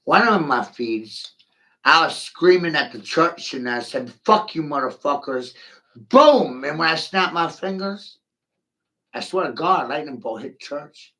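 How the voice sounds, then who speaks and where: A man's voice: fairly high pitch, measured pace, pushed and bright, low-quality recording. A middle-aged man ranting profanely in a rambling livestream monologue, speaking straight to a viewer.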